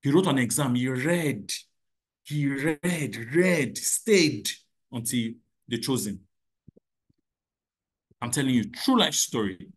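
Man, husky, very lively pitch, emphatic parenting speaker on a video call, repeats lines for effect. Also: takes it slowly, pauses often. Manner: emphatic, repeats phrases, swings between loud and soft. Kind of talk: motivational talk on a video call.

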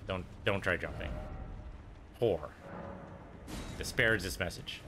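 Low-voiced man mumbling gameplay commentary. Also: takes it slowly, noisy background. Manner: muttering, thinking aloud to himself. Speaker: let's play gamer.

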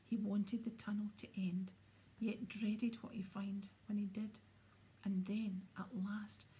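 A woman reading a children's fantasy novel aloud, often sinking into a hushed whisper as she narrates. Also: medium pitch, a little hiss or hum, rough recording. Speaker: audiobook reader. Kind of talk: storybook narration.

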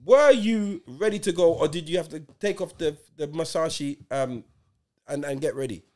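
A man in his forties co-hosting a podcast, telling stories in animated, insistent casual banter. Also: a little high, normal speed. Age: 40s. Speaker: podcast co-host.

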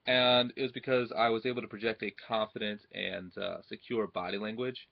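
A young man speaks at a moderate pace in a fairly low, steady, gravelly voice, advising his webcam on social confidence from his home computer. He repeats "right?" over and over and acts out greetings, and the webcam mic leaves the audio dull.

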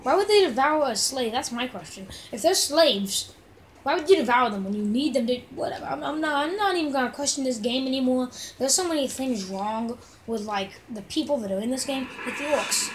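A young woman casually commenting on her gameplay, chatty and excitable, yelling at enemies now and then. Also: high-pitched, fairly quick, a little hiss or hum, rough recording. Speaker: gamer.

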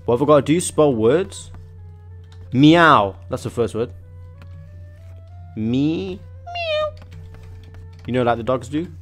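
A young man giving excitable, slangy commentary on a video game, often yelping and laughing. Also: mid-range voice, moderate pace, soft background music. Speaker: gaming YouTuber. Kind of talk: gaming commentary.

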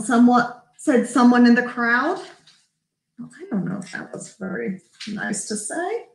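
A woman reads a picture book aloud to young listeners, taking her time over each line and slipping into lively voices for the animals. Her voice sits a little high. The room around her gives it a noticeable echo. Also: gravelly. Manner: animated, does character voices, pauses to talk to kids. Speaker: children's librarian. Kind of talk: storybook read-aloud. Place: library room. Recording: echoey room.

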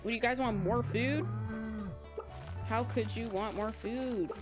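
A woman's voice: fairly high pitch, fairly even intonation, unhurried. A young woman streaming a game live, chatting to her viewers in a giggly, rambling way with lots of fillers. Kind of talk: casual live-stream chat while playing. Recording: game music playing behind. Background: game music.

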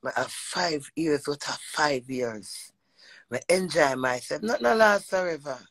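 A woman with a Jamaican accent telling a personal story in an animated monologue, emphatic and profane, often slipping into quoted speech. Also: deep voice, measured pace, no echo, low-quality recording. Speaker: vlogger.

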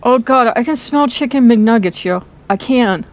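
A woman commenting on her own horror game playthrough into a close microphone, excitable and quick to shriek and laugh. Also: fairly high pitch, muffled recording. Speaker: gaming video host. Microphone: close desk microphone.

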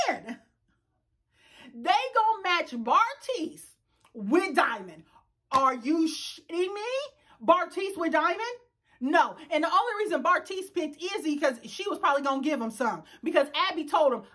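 A woman's voice: high-pitched, animated, unhurried, bright, forceful tone. A woman in her thirties reviewing a reality show in a casual, sassy rant, laughing often and talking straight to her viewers. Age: 30s. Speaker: YouTube reviewer. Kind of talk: casual ranting commentary.

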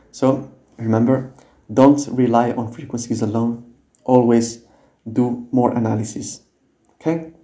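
A man's voice: mid-range voice, mellow, reverberant. A man teaching a screen-recorded tutorial in a patient, explanatory way, often checking in with the listener, speaking English as a second language. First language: non-native English speaker.

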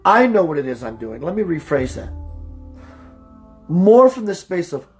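A man hosting a spiritual talk radio show, preaching emphatically, slowing down for emphasis and greeting listeners by name. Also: very animated, soft background music. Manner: slows down for emphasis, voice dips low and quiet.

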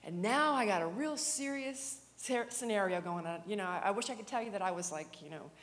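A woman preaches in a church sanctuary at a medium pitch, her voice trailing into a long reverb. She tells her story with animated swings, dropping to whispers and rising to loud, fervent prayer. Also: normal speed. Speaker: guest preacher. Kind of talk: sermon testimony with prayer.

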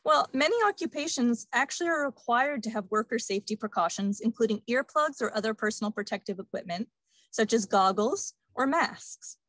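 A woman audiologist giving a steady, informative webinar presentation. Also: fairly high pitch, brisk, no room sound.

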